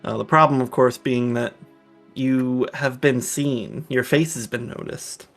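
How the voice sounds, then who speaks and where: A man's voice: medium pitch, steady tone, unhurried, gravelly, a bit bright. A man narrating as game master of a tabletop game, talking loosely with hesitations. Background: faint background music.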